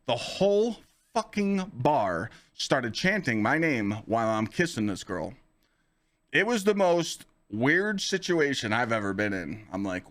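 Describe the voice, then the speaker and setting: Speaking a little slowly in a fairly low voice, a podcast host and streamer spins an animated story. His telling is casual and full of swearing and "you know" fillers.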